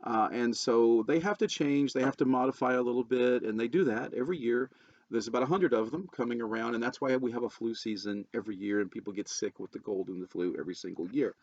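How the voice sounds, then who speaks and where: A man's voice: mid-range voice, fast, a little mellow. A man, a debate coach from the United States, talking casually to camera with many fillers and restarts and little laughs. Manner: chatty, lots of fillers and restarts, self-deprecating laughs. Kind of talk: casual educational talk to camera. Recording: dull lo-fi audio.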